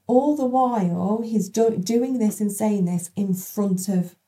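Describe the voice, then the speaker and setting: A woman's voice: mid-range voice, slow pace, warm tone. A woman hosting a podcast, chatting and telling a story with many fillers and restarts. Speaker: podcast host. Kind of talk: casual conversational interview.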